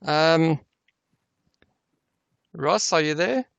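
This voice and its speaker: A man giving out the quiz answers in a halting way, full of fillers. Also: on the high side, gravelly, fairly bright tone, dry recording. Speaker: game organizer giving answers. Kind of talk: casual chat.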